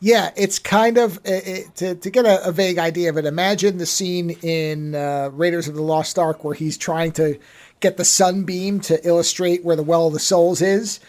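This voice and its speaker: A man with a notably high voice chats on a podcast. He explains scenes by comparing them to other movies, talking in a relaxed, conversational way. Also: normal speed. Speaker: podcast co-host. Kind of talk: casual chat.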